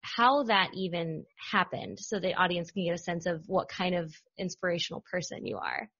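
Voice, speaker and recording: Hosting a podcast, a young woman talks in an upbeat, chatty way and jokes about herself. Her husky voice sits on the low side with a sharp tone, lively intonation and a moderate pace. The lo-fi recording sounds slightly dull.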